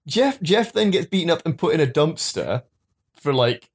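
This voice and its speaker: A man's voice: a little high, very animated, normal speed, slightly rough. A man in casual podcast chat, swearing and acting out quotes in funny voices. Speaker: podcast co-host.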